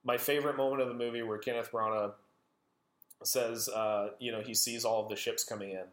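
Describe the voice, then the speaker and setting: A man's voice: medium pitch, fairly even intonation, fairly quick. An enthusiastic man co-hosting a casual film podcast. He rambles happily and laughs often. His voice carries a noticeable room echo. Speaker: podcast co-host. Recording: roomy echo.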